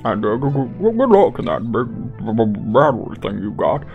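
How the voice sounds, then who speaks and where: A man's voice: medium pitch, very animated, moderate pace, vocal fry, phone-quality sound, soft background music. A man voicing a male merchant who stutters from the cold. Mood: shivering.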